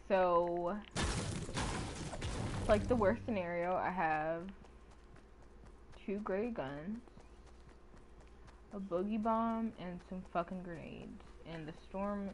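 A young woman streaming a game, riffing in casual, profane bursts. Her pitch swings widely as she grows exasperated. A faint hiss of noise sits under her voice. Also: animated, slow pace, pauses often, dull audio. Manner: profane, exasperated, talks to chat. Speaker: gamer streamer. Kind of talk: casual gameplay commentary.

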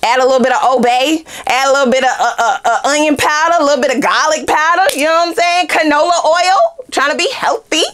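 A woman giving a casual tarot reading, animated and profane, often breaking into laughter. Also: high voice, fairly quick. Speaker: tarot reader.

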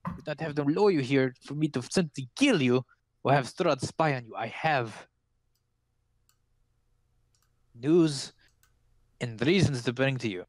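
A man voicing an old female fortune-teller, speaking in slow, theatrical, ominous pronouncements. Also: medium pitch, lively intonation, no room sound, lightly acted, poor audio. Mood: stern.

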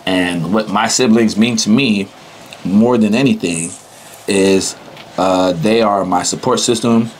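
A man's voice: on the low side, measured pace, a little hiss or hum, poor audio. A young man talking casually as an interviewee, in loose, slangy speech and often breaking into laughter. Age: young adult. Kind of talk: casual chat.

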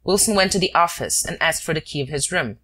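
A woman narrating a classic story as an audiobook in steady storytelling. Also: sits low, fast talker. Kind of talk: scripted narration.

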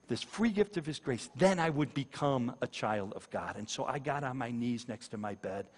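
A man's voice: fairly high pitch, in a large hall. A man giving a sermon-style personal testimony, telling his story vividly with repetition and acted quotes.

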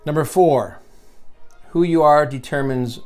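A man's voice: fairly high pitch, a little slow, darkish tone, faint music behind. A man hosting a virtual leadership seminar, reading from a book and adding his own comments. He stresses and repeats key lines and puts questions to the listener. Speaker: seminar host and teacher.

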